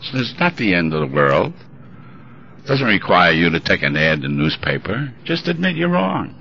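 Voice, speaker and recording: A man's voice: low voice, sing-song, moderate pace, sharp tone. A man, likely older, speaking bluntly and wryly at a recovery meeting. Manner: blunt, wry and confrontational. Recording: dull lo-fi recording with faint hiss.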